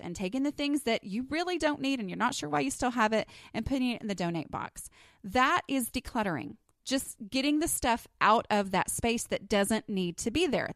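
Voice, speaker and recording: A woman's voice: a little high, dry recording, clean studio sound. A woman with a Texas accent hosting her own podcast, talking candidly and casually with frequent fillers. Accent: Texan. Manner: candid, chatty, with many fillers. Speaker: podcast host. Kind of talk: solo podcast talk.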